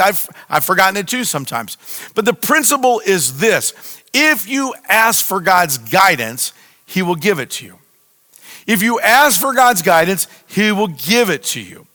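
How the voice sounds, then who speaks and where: A man's voice: high-pitched, sharp tone. A man pastor preaching a sermon with impassioned, repetitive cries to his listeners. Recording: long hall reverb.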